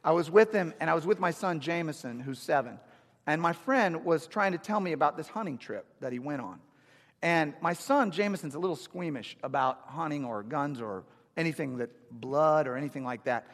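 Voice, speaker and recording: A man in his thirties preaching a sermon to a congregation, energetic and humorous, talking to them in a conversational way. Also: fairly high pitch, normal speed. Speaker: pastor. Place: church sanctuary. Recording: long reverb of a large hall.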